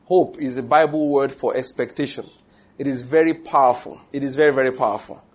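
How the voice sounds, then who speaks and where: A man preaching a sermon, from Nigeria. He reads scripture slowly and stresses key words, and chuckles as he tells stories to the congregation. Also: mid-range voice, fairly even intonation, darkish tone. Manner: slow, emphatic reading with stressed words; chuckles while telling stories. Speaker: pastor. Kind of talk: sermon with Bible reading.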